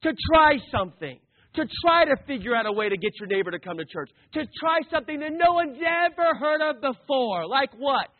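A man preaching a sermon, animated, acting out the voices of the story he tells. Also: extremely high pitch. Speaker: pastor. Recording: tinny phone-like recording.

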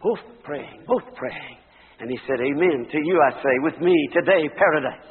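Emphatic preacher on old tinny hall tape. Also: male voice, fairly high pitch, moderate pace, a little hiss or hum. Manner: dramatic, rising to loud emphatic peaks and dropping to hushed tones. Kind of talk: sermon.

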